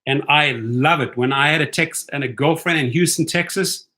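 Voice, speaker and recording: A man's voice: a little high, normal speed, sharp tone. A man hosting a casual livestream, chatting with viewers in a loose, talkative way and often tagging his points with "right?". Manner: chatty, keeps asking "right?". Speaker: rideshare channel host.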